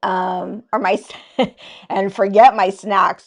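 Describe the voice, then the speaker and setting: A woman's voice: medium pitch, steady tone, slow pace. A woman hosting a casual livestream chat, reading viewer comments aloud in a playful, teasing way and laughing often. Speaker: livestream host.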